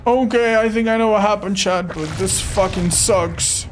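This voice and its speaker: A man's voice: sits high, moderate pace, soft background music. A young man streaming live gameplay commentary, swearing a lot and breaking into frustrated outbursts. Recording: noisy stream with game sound.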